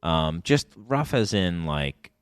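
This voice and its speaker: Low-voiced rambling male podcast co-host. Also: very animated, slow pace, clear, resonant tone, dry recording, studio quality. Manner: rambling, searching for words, laughs often. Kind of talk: casual chat.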